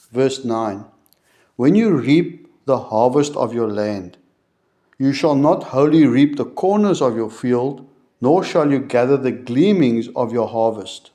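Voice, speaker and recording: A man reading a Bible chapter aloud verse by verse, slowing on key words and stopping to explain it in plain terms. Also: medium pitch, mellow. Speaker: Bible teacher. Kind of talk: reading scripture aloud with commentary.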